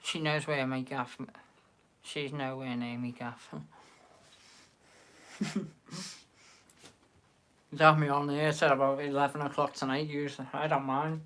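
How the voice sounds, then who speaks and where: A man's voice: mid-range voice, flat delivery, measured pace, pauses often, fairly bright tone. Chatty Liverpool-accented man hosting a live stream. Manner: chatty, banters with viewers in the chat. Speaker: livestream host. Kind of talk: casual live-stream chat.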